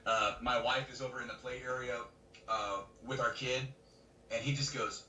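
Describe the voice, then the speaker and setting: A man co-hosting a podcast, telling a story in casual chat, animated and laughing as he acts out other people's lines. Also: mid-range voice, unhurried, pauses often. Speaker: podcast co-host. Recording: roomy webcam mic from a distance, faint noise.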